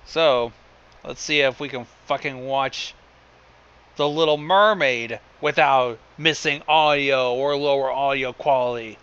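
A man's voice: medium pitch, unhurried, fairly bright tone, clean tone, highs cut off. Sardonic man mocking a cheap cartoon. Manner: sardonic and profane. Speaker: host riffing on a film. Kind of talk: casual mocking commentary.

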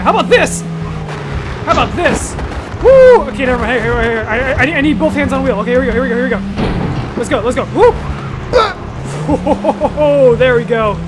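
A young man giving let's-play commentary, excitable, yelping and shouting at enemies, then calmly musing. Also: very high voice, background noise. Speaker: gaming YouTuber.

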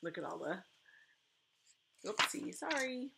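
Animated woman teacher reading aloud. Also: medium pitch, slow pace, creaky, very noisy. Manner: chatty asides with light laughter. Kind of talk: reading a story aloud to a class. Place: living room at home.

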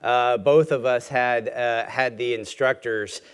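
A man in his fifties with a Southern US accent, a retired general giving a conversational, animated keynote speech at a conference. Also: mid-range voice, takes it slowly, clean tone. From Mississippi, US. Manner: conversational, animated, self-deprecating.

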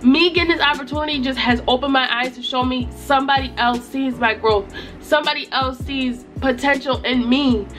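High-voiced young woman, tearful and emphatic. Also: moderate pace, soft background music. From Utica, New York. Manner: emphatic, repeats herself, tearful excitement. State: crying happy tears. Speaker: YouTuber. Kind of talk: casual vlog chat. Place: at home in front of a mirror.

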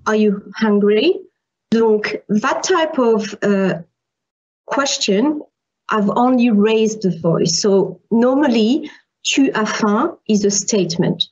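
A woman's voice: on the high side, a little mellow, dull audio. A female university lecturer giving an online French lesson, explaining patiently with examples and repeating key points.

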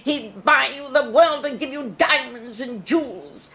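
A woman's voice: high-pitched, unhurried, crowd noise, pitched above the performer's own voice. An older woman putting on a gushing, tearful English niece of a film star, breathless and weepy.

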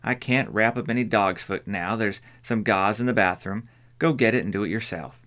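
A man's voice: fairly low pitch, normal speed, a bit bright, close to an everyday voice. A man voicing a stern older woman housekeeper, speaking urgently and emphatically. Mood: impatient.

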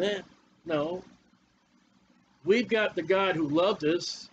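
A man's voice: sits high, lively intonation, moderate pace, muffled recording, slight background noise. A man preaching a fiery, confrontational sermon with a lot of repetition.

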